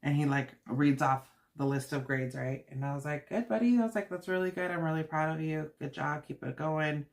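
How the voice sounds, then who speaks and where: A woman's voice: low voice, level tone, fairly quick, creaky, hardly any pauses. Chatty woman livestreaming while cooking. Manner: chatty and giggly, full of fillers and quoted asides. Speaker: livestream host.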